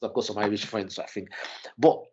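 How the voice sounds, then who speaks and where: A man telling a story in casual chat, animated and full of restarts, his voice jumping up when he is shocked. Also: on the low side, fairly quick, lo-fi sound. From Nigeria and the UK. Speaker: podcast guest.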